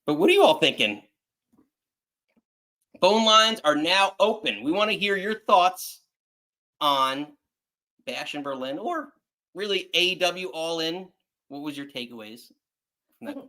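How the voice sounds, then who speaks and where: A mid-pitched host runs a casual livestream in a relaxed way. The host opens the phone lines and invites viewers to chime in. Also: a little slow, pauses often. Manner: relaxed, announces call-ins.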